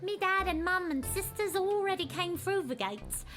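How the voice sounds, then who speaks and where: A woman's voice: very high-pitched, expressive, normal speed, fairly bright tone, faint music behind. A woman voicing a tiny, poor, earnest goblin boy with a rustic way of talking in a video game. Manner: coughing, earnest, rustic "me dad and me mum".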